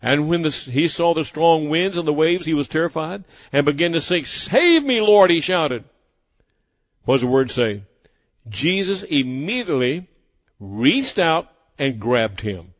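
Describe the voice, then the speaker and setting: A man's voice: on the high side, animated, a little slow. A man preaching a sermon, emphatic and driving his points home by repeating phrases. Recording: long hall reverb.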